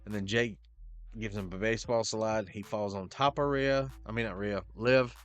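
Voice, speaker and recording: A man's voice: on the low side, steady tone, moderate pace. A man hosting a podcast, recapping a wrestling show in a casual, profane way and quoting the wrestlers in loose impressions. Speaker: podcast host.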